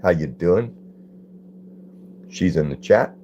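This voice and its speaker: A man's voice: deep voice, lively intonation, slow, mellow, muffled recording, slight background noise. A man, hosting a casual phone livestream and greeting viewers by name in a laid-back way. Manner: laid-back, greets chatters by name and reads comments aloud. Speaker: livestream host.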